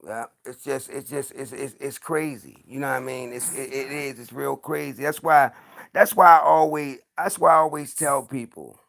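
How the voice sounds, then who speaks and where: A man's voice: mid-range voice, fairly even intonation, normal speed, creaky, a bit bright. A man talking casually about creature sightings, earnest and insistent, often repeating himself. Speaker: podcast host. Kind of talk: casual chat.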